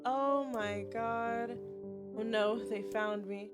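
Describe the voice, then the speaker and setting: A woman streamer reading a game's story aloud with emotional live reactions, swearing often and exclaiming loudly. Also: fairly high pitch, slow, music in the background.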